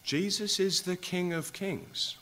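A man's voice: high-pitched, slow pace, pushed and bright. A man preaching a sermon, asking his listeners rhetorical questions and growing impassioned.

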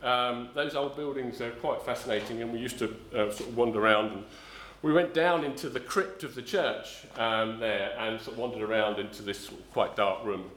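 A man's voice: medium pitch, moderate pace, few pauses, a bit bright, reverberant. A middle-aged man from south-east London preaching a sermon, telling a rambling personal story with many ums and restarts. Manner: rambling, self-correcting storyteller, frequent ums.

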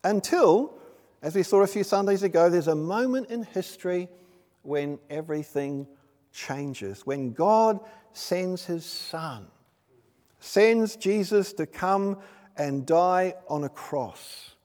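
Guy preaching in church, pretty high voice, chatty w/ lots of questions to the crowd, big echoey hall. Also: expressive, slow, darkish tone. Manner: conversational, asks rhetorical questions, tells personal stories. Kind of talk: sermon. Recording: long reverb of a large hall.

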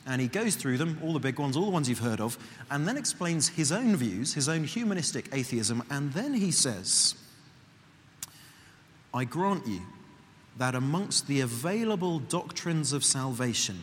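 A man preaching a sermon in a conversational, earnest way, slowing and softening his voice for emphasis. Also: medium pitch. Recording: long hall reverb, faint background noise.

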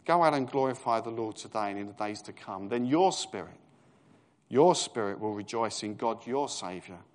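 A man's voice: on the low side, lively intonation, normal speed. A man in his fifties with a London East End accent, preaching a sermon in a conversational tone that rises to emphatic proclamation.

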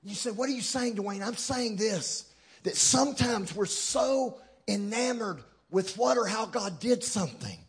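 A man with a high, husky voice preaches a sermon to a church congregation. He drops to a near hush, then climbs to loud, shouted peaks, and mixes in light humor along the way. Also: lively intonation, a little slow. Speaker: guest preacher.

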